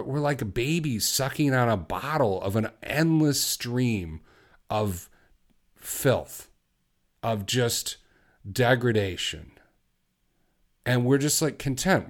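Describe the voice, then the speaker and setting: A man hosting a solo podcast, talking bluntly and exhorting his listeners, moving from quiet reflection to fervent conviction. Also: medium pitch. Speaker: podcast host. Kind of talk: impassioned solo podcast talk.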